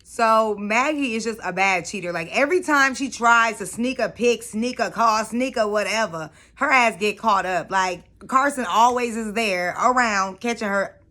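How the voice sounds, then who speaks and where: A woman's voice: fairly high pitch, moderate pace, few pauses, bright, forceful tone. A woman giving casual, sassy commentary while she recaps a show, talking straight to her viewers in slang. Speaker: reality TV recap host.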